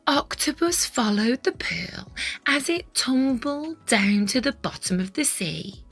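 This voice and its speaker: A woman reading a children's picture book aloud in an expressive, sing-song storytelling manner, sometimes dropping into whispered asides. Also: high-pitched, slow pace, husky, faint music behind.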